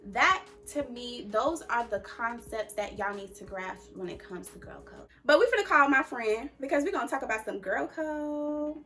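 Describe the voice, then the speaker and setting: A woman's voice: a little high, lively intonation, normal speed, few pauses, sharp tone, soft background music. A young woman hosting a casual advice chat, talking emphatically and repeating her points like a sermon. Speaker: host.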